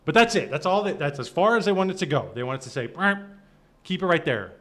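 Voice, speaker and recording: Animated, sarcastic male streamer. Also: a little high, rapid-fire. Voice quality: sarcastic, riffing delivery. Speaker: streamer reacting to a clip. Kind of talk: live-stream reaction commentary.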